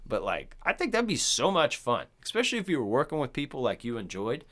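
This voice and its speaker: A man's voice: mid-range voice, fast. A man co-hosting a casual podcast chat, telling stories with lots of "like" and "dude" and acting out the voices he quotes. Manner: animated storyteller who acts out quoted voices; says "like" and "dude" a lot. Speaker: podcast co-host.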